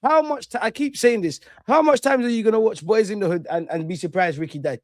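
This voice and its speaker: High-voiced man ranting on stream. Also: fast, no room sound, clean studio sound. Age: 30s. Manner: animated, slangy, swings between loud and muttered. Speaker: livestream host. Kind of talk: casual livestream rant.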